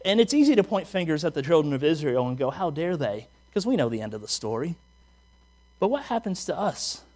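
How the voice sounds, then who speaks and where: A man's voice: fairly high pitch, fast talker. A man preaching a sermon as pastor, reading scripture aloud and acting out the whining voices he quotes. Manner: reads scripture aloud, then preaches with animated acted-out quotes.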